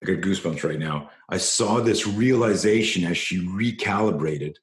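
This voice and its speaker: A middle-aged man with a very low voice tells a training story in an interview. He is an animated storyteller who climbs in pitch and force when the tale peaks. The sound is roomy, with plenty of echo. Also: moderate pace, few pauses. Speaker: self-defense trainer.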